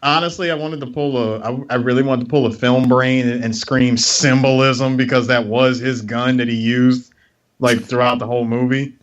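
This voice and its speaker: A man co-hosting a casual movie podcast, retelling scenes with animated energy. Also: mid-range voice, moderate pace, dull audio. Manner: animated storyteller, acts out scenes. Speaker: podcast co-host.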